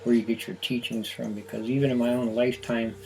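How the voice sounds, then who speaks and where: A man being interviewed, telling personal stories in an unhurried, thoughtful way and often repeating himself. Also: medium pitch, little pitch movement, noisy background. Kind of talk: reflective personal storytelling. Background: guitar music clearly heard.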